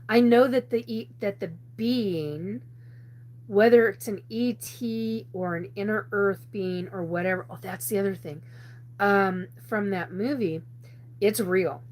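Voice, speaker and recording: Woman host, casual live-show storyteller, rambling with lots of restarts and laughs, mid-pitched voice.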